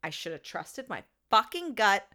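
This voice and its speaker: A woman's voice: medium pitch, big pitch swings, normal speed, sharp tone. A woman co-hosting a podcast, telling a long, sweary story in casual chat. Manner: ranting storyteller, swears freely. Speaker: podcast co-host.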